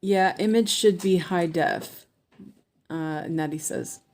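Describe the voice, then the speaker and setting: A woman with a low, mellow voice talks slowly and unhurriedly as she stitches, hosting a livestream craft session. Her speech wanders and hesitates, full of fillers and trailing half-thoughts. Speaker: cross-stitch livestream host. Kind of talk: casual chat while stitching, reading out viewer comments.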